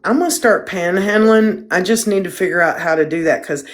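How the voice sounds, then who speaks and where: A woman's voice: lowish voice, a little fast, crowd noise. A middle-aged woman hosting a casual livestream chat, blunt and self-mocking and swearing freely. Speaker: livestream host.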